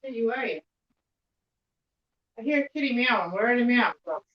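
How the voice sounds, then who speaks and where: A woman's voice: on the high side, expressive, brisk, muffled recording. A woman hosting a casual home livestream, rambling and easily distracted while she bakes in her kitchen. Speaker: livestream host.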